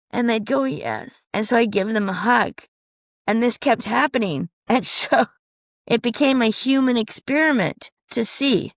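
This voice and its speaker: A woman from Minnesota, a transformation coach, telling lively stories in an interview and acting out what people said. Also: mid-range voice, no room sound, studio quality. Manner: animated storyteller acting out quoted voices. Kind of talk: storytelling interview answers.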